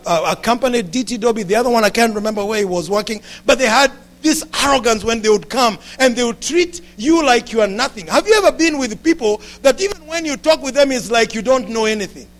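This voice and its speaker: A man preaching a sermon to his congregation, animated and rising to shouts, with frequent asides to the listeners. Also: very high voice, a little fast, hardly any pauses. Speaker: pastor.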